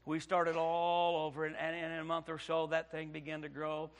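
A middle-aged male pastor, telling his story in a sermon, dropping to hushed tones and then bursting out loud. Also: a little high, completely flat delivery, normal speed. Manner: preaching with sudden loud outbursts and hushed storytelling. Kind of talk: sermon testimony.

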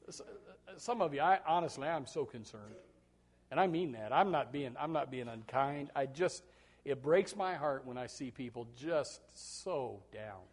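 A middle-aged male pastor preaching a sermon in an animated way, stammering and repeating words, with sudden soft drops. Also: a little high.

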